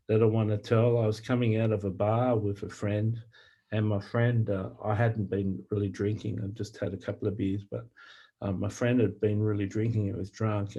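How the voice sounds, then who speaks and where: A man with a lowish, mellow voice tells personal faith testimonies straight to the viewer. He speaks earnestly and plainly, stumbling through fillers and repeated words as he goes. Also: dull audio. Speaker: Christian author and prophetic minister. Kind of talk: personal testimony storytelling to camera.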